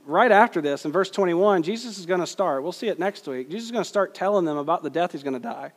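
A male pastor delivers an earnest sermon, leaning hard on key phrases and slowing for quotes. His voice sits a little high for a man. A long hall reverb trails each line. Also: lively intonation. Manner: earnest, emphatic preaching with slow stressed quotes.

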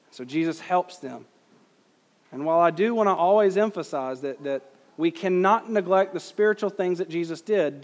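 High-voiced man preaching in a reverberant hall. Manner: conversational preaching, asks the congregation questions. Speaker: pastor. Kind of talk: sermon.

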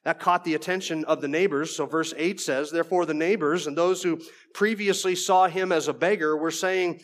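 A man's voice: high voice, fairly even intonation, normal speed. A man preaching an expository sermon verse by verse, conversational, with folksy asides and frequent restarts.

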